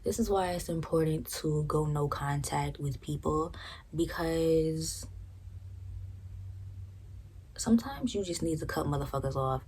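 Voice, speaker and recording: A woman's voice: sits low, a little mellow, husky. A young woman casually telling a personal story, frank and profane, often checking in with "right?". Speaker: storytime vlogger.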